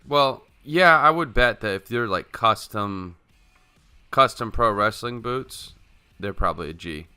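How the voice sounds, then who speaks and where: Animated storytelling man, bright voice. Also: fairly low pitch, unhurried, clean tone, faint music behind. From Texas. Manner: animated storyteller, laughs loudly, swears casually. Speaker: podcast co-host. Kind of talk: casual chat.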